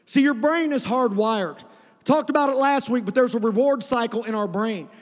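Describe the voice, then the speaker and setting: A man preaching a sermon in a church, speaking conversationally and calling out to the congregation to respond. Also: extremely high pitch. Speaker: pastor. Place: church sanctuary. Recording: long hall reverb.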